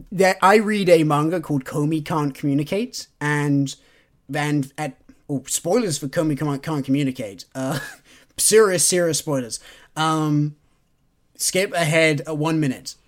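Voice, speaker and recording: A man's voice: fairly high pitch, unhurried. A man co-hosting a podcast in casual book chat, teasing his co-host playfully and laughing often.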